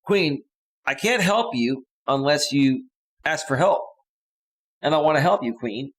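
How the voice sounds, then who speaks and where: On a rough recording, a Bay Area man running a live coaching stream talks directly to viewers and reads out their comments. His fairly high voice is expressive and a little slow, and his chatty manner is broken by occasional soft sighs.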